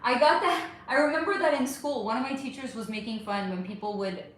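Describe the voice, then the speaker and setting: A woman's voice: fairly high pitch, brisk. A woman hosting a live stream, chatting casually, reading viewer comments, swearing freely and calling people honey. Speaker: livestream host. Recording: very echoey room, faint background hum.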